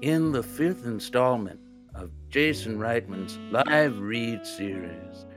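A man's voice: mid-range voice, lively intonation, slow pace, faint music behind. A man co-hosting a podcast in casual banter with dry, sarcastic quips. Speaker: podcast co-host.

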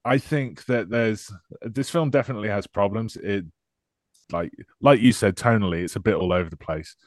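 A male podcast co-host chats casually, bantering sarcastically about a movie and laughing a lot. His lowish voice moves at a moderate pace, and the studio sound is clean with no room echo.

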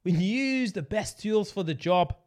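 A man's voice: sits high, animated, moderate pace, pitched above the performer's own voice. A man putting on a mock Scottish accent to play a hammy ad announcer in a comic sponsor read. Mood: playful.

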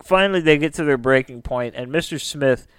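Podcast host, male, chatty narrator with a resonant voice in a dead-quiet room. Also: on the high side, brisk, clean tone, no echo. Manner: chatty, lots of filler "like". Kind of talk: casual storytelling.

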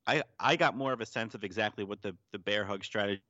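Man, low voice, casual chat, slightly muffled, dry recording. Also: fast talker, sharp tone, dry recording. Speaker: podcast co-host.

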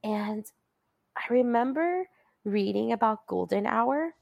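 A woman's voice: fairly high pitch, slow pace, gravelly, no echo, muffled recording. A woman talking as a guest in a casual conversation, telling a personal story in a chatty way and laughing often. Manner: chatty, laughs often, rises into animated quoting.

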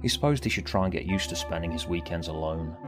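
A man reading his own story aloud, expressive, moving between bright and hushed. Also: sits low, fast talker, loud music behind the voice. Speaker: author and narrator. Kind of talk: storybook narration.

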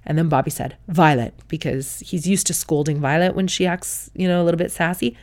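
A woman with a notably low voice tells a story straight to camera in a frank, chatty way. She swears casually and laughs often as she talks. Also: fairly quick, darkish tone. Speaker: mother telling her birth story.

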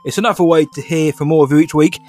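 A man's voice: on the high side, rapid-fire, darkish tone, faint music behind. A man co-hosting a casual podcast, playful and chatty as he reads the show's plugs. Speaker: podcast co-host.

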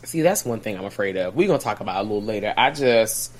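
Brief: low-pitched woman co-host, very expressive, with big swoops when telling the story. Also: fast talker. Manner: animated recapping, swoops into high put-on voices and hums. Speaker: podcast co-host. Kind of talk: casual film discussion.

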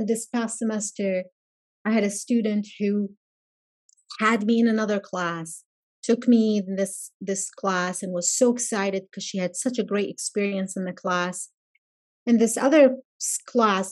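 A woman professor talks as a guest on a podcast, choosing her words with care and pausing as she thinks. Her voice is mellow and warm. Her pitch is in the middle range for a woman. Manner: thoughtful, searching for words with pauses. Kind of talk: casual conversational interview.

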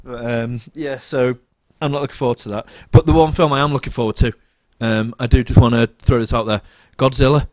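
A young man chatting casually about films as a podcast co-host, animated and sweary, with trailing restarts. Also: medium pitch, a little fast, hardly any pauses, no room sound. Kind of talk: casual film chat.

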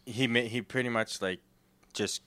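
A man's voice: mid-range voice, steady tone, normal speed, bright, forceful tone, smooth, no echo. A young man in casual chat, rambling with many fillers and giggling often.

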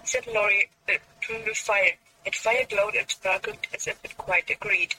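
A woman guest reading a novel aloud in an even storytelling way. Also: medium pitch, normal speed, few pauses, a little hiss or hum, rough recording. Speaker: book discussion guest.

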